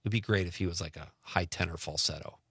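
A man's voice: deep voice, fast, bright, forceful tone, breathy edge, no room sound, clean studio sound. A middle-aged man from Wisconsin hosting a call-in radio show, chatting casually and laughing often as he reads out listener messages.

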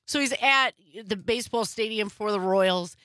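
A woman hosting a talk radio show, chatting in an animated way and telling stories. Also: medium pitch, moderate pace, dry recording, clean studio sound. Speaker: radio host.

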